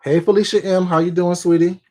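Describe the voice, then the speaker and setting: A man's voice: high voice, little pitch movement, fairly quick, a little mellow. A man hosting a casual livestream, greeting viewers one by one by name in a familiar, chatty way. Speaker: livestream host.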